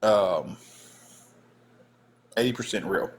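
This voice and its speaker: Animated former wrestler telling stories. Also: male voice, on the low side, slow. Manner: animated storyteller acting out voices. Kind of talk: casual live-stream storytelling.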